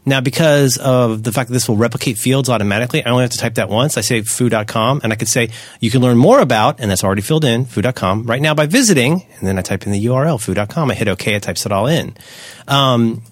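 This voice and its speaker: A man's voice: medium pitch, fast, dry recording. A man co-hosting a podcast, chatting casually with wry, rambling, self-mocking asides. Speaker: podcast co-host.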